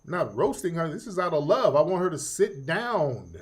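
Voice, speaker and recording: Middle-aged male host, joking and cursing, animated voice. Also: on the high side, normal speed. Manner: profane, joking, laughs often. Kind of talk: casual livestream commentary.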